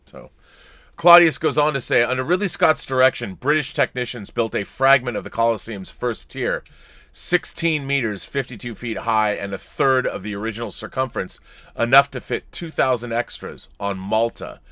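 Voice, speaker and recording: A man with a bright, forceful voice talks loosely on a casual podcast, breaking off and restarting his sentences. He reads viewer letters aloud between bits of chat. The sound is close and dry, with no room around it. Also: mid-range voice, moderate pace, no room sound. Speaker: podcast co-host.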